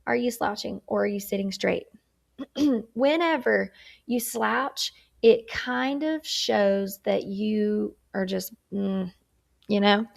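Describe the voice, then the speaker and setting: Woman instructor with a gravelly edge, chatty, keeps asking "okay?" while she teaches a lesson. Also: medium pitch, takes it slowly. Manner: acts out tone examples. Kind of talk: recorded workplace skills lesson.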